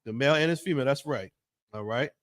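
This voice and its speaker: A man's voice: mid-range voice, fast. A man teaching a Bible law class in a blunt, profane preaching style full of rhetorical questions. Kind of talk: fiery preaching lesson.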